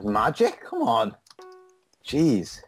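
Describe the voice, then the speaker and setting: Slow, drawling man gamer. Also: mid-range voice, wildly swooping pitch, faint music behind. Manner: slow, drawling, self-deprecating. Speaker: co-host of gaming channel. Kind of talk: casual chat while playing a drawing game. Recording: faint background noise.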